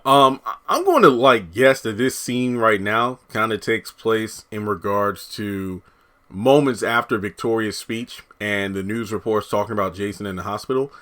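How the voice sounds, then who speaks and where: A man with a slightly low voice talks through a TV episode in a loose, chatty way. He gets animated, laughs easily and slips into the characters' lines as he recaps them. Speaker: TV episode reviewer. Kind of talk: casual spoken commentary.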